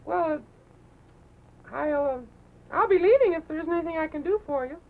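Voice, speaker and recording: A woman hosting a live television show, talking gently and coaxingly with a puppet, on a muffled 1950s broadcast recording. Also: very high voice, animated, normal speed. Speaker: host.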